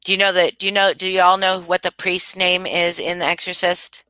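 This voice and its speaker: A woman's voice: on the low side, flat delivery, brisk, bright, forceful tone, clean tone, dry recording. A woman hosting a casual live stream, rambling and thinking aloud as she answers viewers, often restarting her sentences. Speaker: livestream host.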